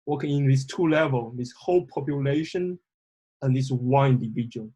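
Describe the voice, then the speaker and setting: A man hosts a casual discussion, making his points in a measured, reflective manner. His voice is husky and a little raspy, with a middle pitch. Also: dark tone. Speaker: host.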